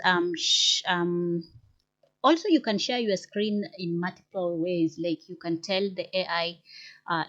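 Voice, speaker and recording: A woman hosting a tech tutorial, talking casually over a screen recording in a halting way, with many fillers and restarts. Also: lowish voice, highs cut off.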